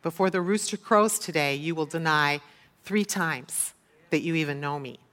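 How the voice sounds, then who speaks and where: A woman speaking as a calm, solemn teacher. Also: low-pitched, normal speed.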